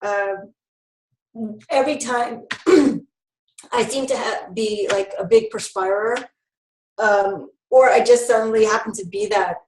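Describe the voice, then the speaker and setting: A woman's voice: fairly high pitch, fairly even intonation, a little slow, darkish tone, echoey room, slight background noise, low-quality recording. A woman presenting a health education webinar in a casual, chatty way, laughing often, heard over a video call.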